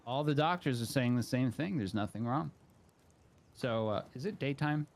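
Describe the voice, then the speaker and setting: A man's voice: mid-range voice, lively intonation, moderate pace. A man hosting a live stream, telling a long joke in a rambling, casual way. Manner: rambling, full of fillers and restarts. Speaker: streamer host.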